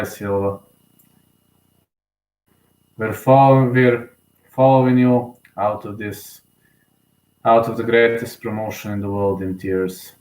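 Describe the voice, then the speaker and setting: A young man giving live, emotional fan commentary on a fight, excitable and often repeating himself. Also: on the low side. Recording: roomy echo.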